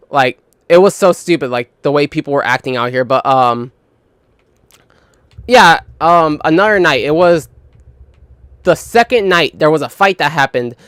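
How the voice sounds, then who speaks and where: A man's voice: fairly high pitch, a bit bright, dry recording, clean studio sound. Swearing young man, rambling storyteller. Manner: rambling, heavy swearing, frequent "like" fillers; mimics others in quoted dialogue. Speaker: gaming channel host. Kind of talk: casual storytelling.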